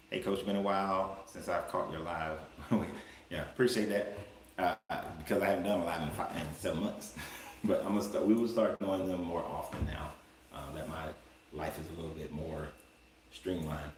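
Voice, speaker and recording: A man's voice: deep voice, steady tone, moderate pace, recorded from a distance. A man hosting a live-streamed Bible commentary, talking emphatically and colloquially and firing off rhetorical questions. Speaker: life coach and livestream host. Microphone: livestream setup. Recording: roomy room with faint background noise.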